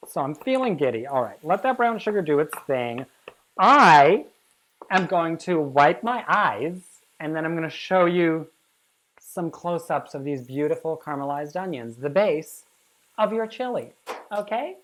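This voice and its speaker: Brash low-voiced woman hosting cooking. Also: expressive, measured pace. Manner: brash, swears freely, teasing insults at viewers. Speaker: cooking show host. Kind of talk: casual cooking demonstration.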